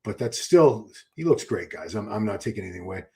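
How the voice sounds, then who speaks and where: Very animated and a fast talker, this man has a lowish, mellow voice. He hosts a live stream with chatty, enthusiastic commentary, reading viewer questions aloud and restarting a lot.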